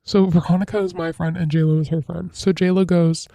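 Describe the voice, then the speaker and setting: Chatty young woman, mellow dry voice. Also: flat delivery, moderate pace, vocal fry, no room sound. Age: young adult. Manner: chatty, filler-heavy, dramatic pitch jumps. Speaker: podcast host. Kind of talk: casual confessional monologue.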